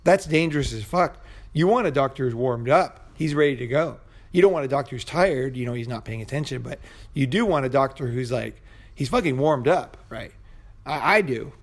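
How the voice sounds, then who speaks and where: Gravelly, profane man telling a story. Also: medium pitch, expressive, normal speed. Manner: profane, rambling, frequent "you know" and "right?". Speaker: vlogger. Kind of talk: casual storytelling monologue. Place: Bangkok.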